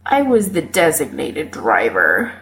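A woman's voice: low voice, wildly swooping pitch, a little slow, creaky, fairly bright tone, pitched below the performer's own voice, heavily acted. A woman voicing a drunk, angry young man who curses and rants. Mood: drunk sulky. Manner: slurred cursing, dramatic outbursts.

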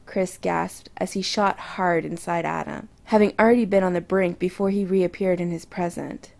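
A woman narrating romance fiction aloud with soft, intimate storytelling. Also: lowish voice, steady tone, moderate pace, vocal fry, hardly any pauses.

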